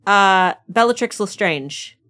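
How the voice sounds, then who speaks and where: American woman co-host, mid-pitched voice, teasing and quick to giggle in relaxed book talk. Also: clear, resonant tone. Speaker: podcast co-host. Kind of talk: casual chat.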